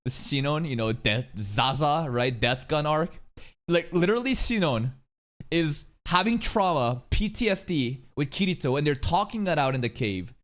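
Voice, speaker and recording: A man streaming a casual reaction to a video, crude and excitable, stammering and laughing as he talks. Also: a little high, moderate pace.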